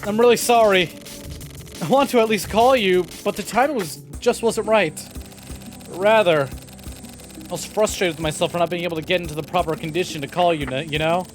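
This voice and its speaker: A man's voice: sits high, fairly quick, faint music behind, close to an everyday voice. A man voicing an earnest young man who apologizes hesitantly over the phone. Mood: apologetic.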